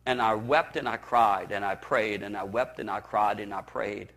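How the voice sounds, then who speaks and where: A man's voice: fairly low pitch, steady tone, moderate pace, a bit bright. A man from the Chicago area, a pastor preaching a personal testimony, telling it with emotion and stammered repeats. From Chicago area, USA.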